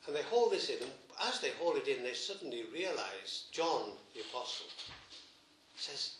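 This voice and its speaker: A man, a priest, preaching a sermon, retelling a gospel story gently with emphatic repetitions. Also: mid-range voice, big pitch swings, normal speed, echoey room, slight background noise.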